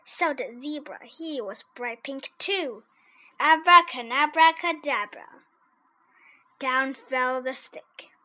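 Slow, high-voiced woman reading a story. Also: pushed and bright. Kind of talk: reading a children's story aloud.

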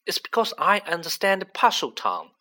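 A man reading aloud, voicing an excited young male student who reasons urgently and eagerly. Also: mid-range voice, normal speed. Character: excited boy wizard, quick-thinking young male student.

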